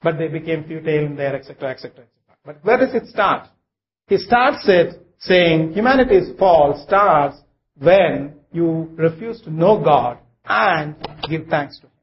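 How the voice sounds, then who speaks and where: A man preaching a sermon to a congregation, halting, with many fillers and restarts. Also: fairly high pitch, expressive, reverberant, highs cut off.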